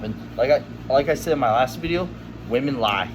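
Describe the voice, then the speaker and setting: A man's voice: mid-range voice, expressive, fast talker, noisy background. A man in a casual monologue to camera, blunt and emphatic, with lots of "you know". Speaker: vlogger.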